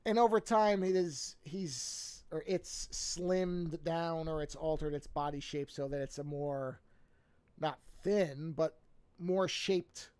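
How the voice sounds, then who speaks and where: A man's voice: fairly high pitch, slow, a little mellow, clear, resonant tone. A man in his forties who chats casually while drawing on a live stream, rambling and correcting himself as he goes. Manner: rambling, self-correcting, chatty asides. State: yawning, a bit sleepy. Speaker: artist streaming a drawing session.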